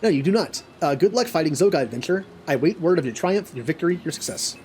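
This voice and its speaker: A man's voice: on the high side, lively intonation, darkish tone, slight background noise, voice pushed up, natural voice. A man reading as a whimpering kobold. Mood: fearful. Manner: halting reading with stumbles. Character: cowering, whining male kobold who repeats himself.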